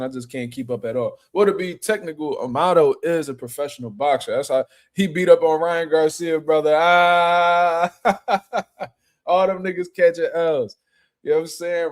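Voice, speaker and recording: High in pitch but dark in tone, a man hosts a relaxed boxing talk stream. He reads out chat messages and jokes around in profane street slang, doing mocking impressions.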